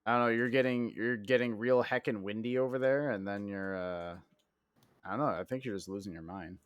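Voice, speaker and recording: A man's voice: lowish voice, brisk, clear, resonant tone, no room sound. A man playing a game with a friend on stream, joking and teasing in casual chat. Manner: joking, teasing, laughs easily. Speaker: co-player on a stream.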